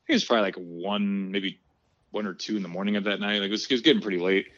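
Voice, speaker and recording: A man's voice: on the low side, steady tone, very fast, fairly bright tone, no echo. Rambling American man, slightly dull recording. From United States. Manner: rambling, filler-heavy, laughing often. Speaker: podcast co-host telling a story. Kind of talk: casual chat.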